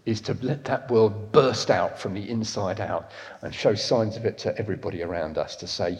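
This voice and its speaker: A man in his fifties preaching a sermon, swinging from loud emphatic lines to soft, intimate ones. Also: fairly low pitch, normal speed. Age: 50s. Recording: echoey hall reverb.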